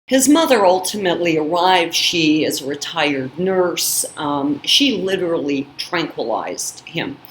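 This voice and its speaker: A woman's voice: lowish voice, a bit bright. A woman hosting her own channel, telling a personal story in an emphatic way, full of "you know" and "I mean". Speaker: channel host. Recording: echoey room with faint background noise.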